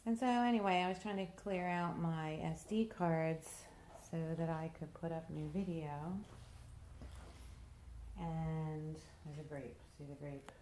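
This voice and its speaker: A woman's voice: low voice, measured pace, a little mellow, a little hiss or hum. Tired woman rambling through a home tour. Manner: tired, rambling, plain-spoken. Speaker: mother vlogging a home tour. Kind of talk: casual home vlog, walking tour. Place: house, indoors and around the yard.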